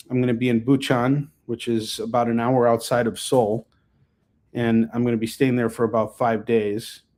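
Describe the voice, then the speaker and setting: Rambling American comic seller hosting a live show. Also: male voice, medium pitch, darkish tone. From United States. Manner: rambling, joking, lots of ums and asides. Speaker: host and comic book seller. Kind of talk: casual live-stream sales chat.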